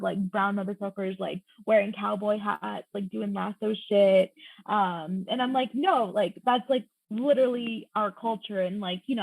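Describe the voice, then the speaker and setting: A woman's voice: medium pitch, gravelly, slightly rough, no room sound, rough recording. A young woman from South Texas chatting casually on a podcast, filling her talk with "like.". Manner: filler-heavy, says like constantly. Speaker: podcast host. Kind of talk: casual chat.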